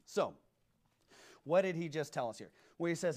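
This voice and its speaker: A man's voice: fairly high pitch, big pitch swings, moderate pace, long pauses, darkish tone. A man preaching a sermon as pastor, emphatic and full of rhetorical questions.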